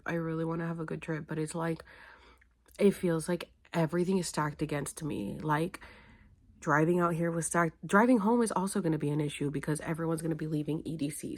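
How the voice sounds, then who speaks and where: A tired, weepy young woman talks to her phone camera at arm's length. Her voice sits fairly low, and she rambles, rushing when a story takes over. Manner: emotional, rambling, fast when telling a story. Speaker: vlogger. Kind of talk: casual vlog.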